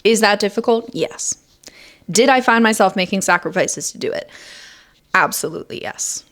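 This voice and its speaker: A woman's voice: medium pitch, moderate pace, a bit bright. A young woman talking candidly to camera in a casual vlog about her writing, with chatty, dramatic emphasis. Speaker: writer and vlogger.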